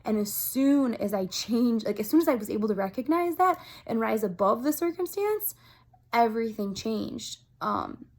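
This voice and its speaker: A woman's voice: fairly high pitch, normal speed, hardly any pauses. A woman vlogger talking casually to camera in a chatty, upbeat way, with many fillers like "like" and "um". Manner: earnest, animated storytelling.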